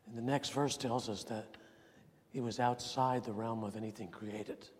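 A man preaching a sermon with earnest emphasis, swinging between ringing points and quiet, intense asides. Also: medium pitch, steady tone, moderate pace. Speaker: pastor. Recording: long reverb of a large hall.

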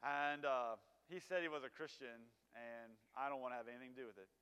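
Chatty preacher in a reverberant hall. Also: male voice, medium pitch, fairly even intonation, a little fast, fairly bright tone, clear, resonant tone. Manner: conversational, filler-heavy, asks the audience questions. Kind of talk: casual sermon.

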